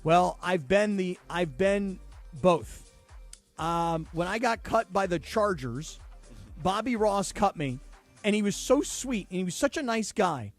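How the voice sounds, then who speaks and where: A man's voice: high voice, a little slow, faint music behind. A man in his fifties co-hosting a sports radio show, telling stories in casual talk and acting out the voices of people he quotes. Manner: animated storyteller acting out quotes.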